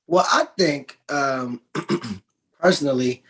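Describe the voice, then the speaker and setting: A man, an actor guest in a casual interview, telling lively stories, acting out quotes and laughing often. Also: mid-range voice, slow pace. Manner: animated storyteller, acts out quotes, laughs often.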